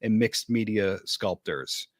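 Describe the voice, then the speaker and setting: A man's voice: on the low side, slow pace, dry recording, clean studio sound. A man talking in a casual podcast conversation, wry and giving frank advice. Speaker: podcast guest, interviewer. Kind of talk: casual chat.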